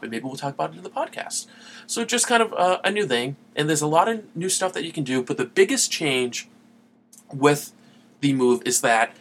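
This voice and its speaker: A man's voice: medium pitch, fairly bright tone, a little hiss or hum. A man hosting a gaming podcast, talking in a loose, chatty way with lots of fillers. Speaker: podcast host. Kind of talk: casual solo podcast talk.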